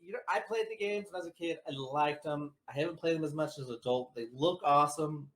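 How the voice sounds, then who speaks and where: A man's voice: a little high, quick pace, fairly bright tone. Blunt, crude-talking man co-host. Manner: blunt, crude, swears freely. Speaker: podcast co-host. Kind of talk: casual movie chat.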